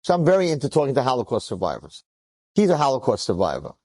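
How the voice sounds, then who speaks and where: Animated rabbi telling a story. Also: male voice, quick pace, no room sound. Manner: animated, acts out the old survivor's words with big pitch jumps. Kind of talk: inspirational storytelling talk.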